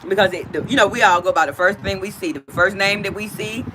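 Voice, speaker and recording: A woman's voice: medium pitch, quick pace, noisy background. A woman hosting a casual livestream from outdoors, chatting directly with her viewers. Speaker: livestream host.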